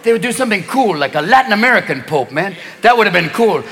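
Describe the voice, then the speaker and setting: A man's voice: high-pitched, animated, a little fast, very noisy. A man performing a stand-up comedy routine on stage, manic and jumping into one put-on voice after another. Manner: manic, jumps into many put-on voices and shouts. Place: large venue with a live audience. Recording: live hall recording with crowd laughter.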